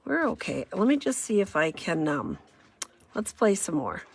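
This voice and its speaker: A woman's voice: fairly low pitch, wildly swooping pitch, normal speed, creaky, husky, no echo. A woman running a casual crafting demo, chatty and self-deprecating, thinking aloud as she works. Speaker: craft demonstrator.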